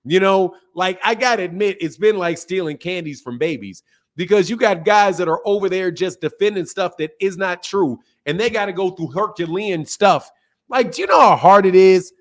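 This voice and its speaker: High-voiced man ranting about boxing. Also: moderate pace. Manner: loud, profane, fired-up and repetitive. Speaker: boxing channel host. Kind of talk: casual live-stream rant.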